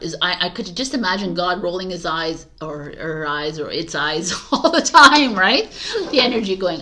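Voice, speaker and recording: A woman's voice: lowish voice, big pitch swings, moderate pace, bright, forceful tone. A woman giving a casual spoken tarot reading, chatty and encouraging, with frequent fillers and restarts. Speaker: tarot reader.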